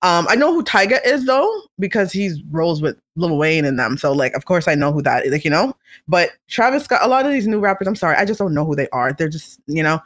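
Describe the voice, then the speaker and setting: Chatty vlogger dishing celeb gossip, opinionated, kinda playful, medium pitch. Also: very animated, a little fast, fairly bright tone. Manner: chatty, opinionated, slips into comic impressions. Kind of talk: casual celebrity gossip monologue.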